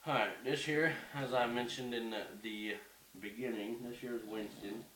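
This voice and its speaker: A man's voice: medium pitch, steady tone, moderate pace, fairly bright tone. A young man ranting in a casual home vlog, heated and profane, rambling as he goes. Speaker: vlogger. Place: bedroom at home. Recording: echoey room, mic at a distance, faint hiss.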